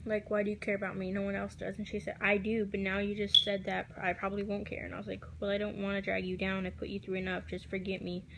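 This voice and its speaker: A woman telling a personal story to camera, recounting quoted text messages in a soft, halting voice that drops at times to near a whisper. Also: mid-range voice, monotone, creaky, background noise. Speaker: vlogger.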